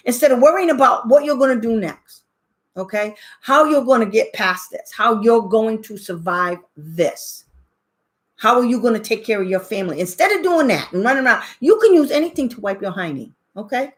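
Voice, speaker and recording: A woman's voice: fairly high pitch, lively intonation, a little fast. Emphatic woman host in a casual rant. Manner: emphatic, preachy, laughs often. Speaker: channel host. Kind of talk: opinionated casual talk. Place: home.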